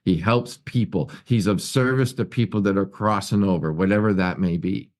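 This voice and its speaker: A low-pitched man speaking at normal speed gives a heartfelt personal share as a guest at a recovery meeting, calling in from his office at work. He restarts often and repeats words while recounting his stories.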